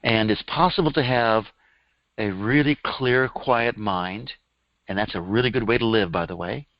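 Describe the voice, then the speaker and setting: A middle-aged male workshop teacher with a fairly low voice tells chatty stories to a live audience in a room, laughing at his own tales. The recording is dry, dull and lo-fi, with no room sound.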